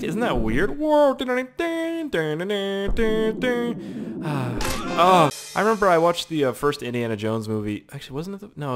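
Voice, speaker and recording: A young man giving excitable, profane let's play commentary, humming little tunes as he plays. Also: medium pitch. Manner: excitable, swears a lot, hums little tunes. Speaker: gaming channel host.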